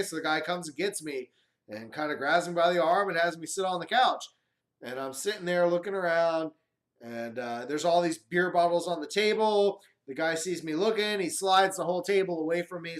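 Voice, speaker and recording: Guy on a live stream rambling thru a wild story, swears a lot, voice a bit high. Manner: profane, rambling storyteller, acts out quotes. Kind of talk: casual live chat storytelling.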